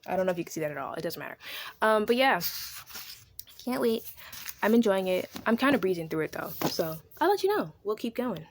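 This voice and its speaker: Casual book vlogger, a woman with AAVE, animated and profane, voices the characters as she recaps. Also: medium pitch, fairly quick, slight background noise. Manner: animated, swears freely, acts out characters' lines.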